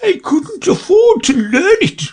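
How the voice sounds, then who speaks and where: A man voicing the Mock Turtle as a sobbing, melancholy old creature in a storybook reading, with a slow, high, tearful wail. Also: big pitch swings, heavily acted.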